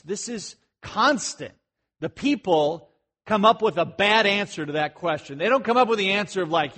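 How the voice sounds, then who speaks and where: A man's voice: sits high, expressive, moderate pace, bright, forceful tone. A middle-aged man teaching through a Bible passage in a conversational way, asking his listeners questions with frequent fillers and restarts. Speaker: pastor.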